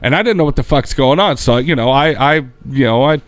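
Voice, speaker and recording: A man co-hosting a podcast, telling a story in casual chat, animated and profane, acting out what people said. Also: mid-range voice, fairly quick, no room sound. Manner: animated, profane, acts out quoted dialogue. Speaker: podcast co-host.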